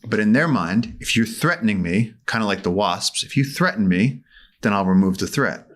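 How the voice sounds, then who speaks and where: A man as a podcast guest, telling animated stories and acting out the voices in them. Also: on the low side, moderate pace. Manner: vivid, acts out voices in his stories. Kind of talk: animated storytelling in conversation. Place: studio.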